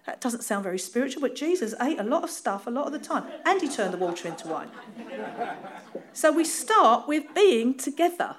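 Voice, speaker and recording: A woman's voice: sits high, very animated, a little fast. A woman from London's East End with a Cockney accent, preaching an informal, laughing, self-deprecating sermon.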